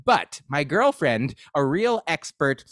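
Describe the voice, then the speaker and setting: A man's voice: fairly high pitch, big pitch swings, takes it slowly, a bit bright, dry recording, studio quality. A man doing a rambling, self-deprecating stand-up set on a video call. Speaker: comedian.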